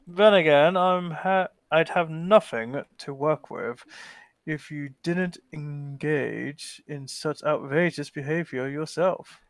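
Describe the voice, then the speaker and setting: A man's voice: a little high, takes it slowly, no echo. A man voicing a smug male French baron with haughty mock-French courtesy in a tabletop role-play.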